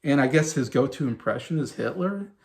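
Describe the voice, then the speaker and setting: A man's voice: medium pitch, animated, a little fast, gravelly, darkish tone. A man in his thirties hosting a casual sitcom review, rambling with many fillers and restarts. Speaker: show host reviewing a sitcom.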